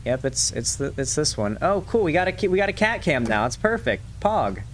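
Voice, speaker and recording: A man's voice: fairly high pitch, sing-song, brisk, slight background noise. Rambling male livestream host. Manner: rambling, full of fillers and restarts. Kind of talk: casual live chat.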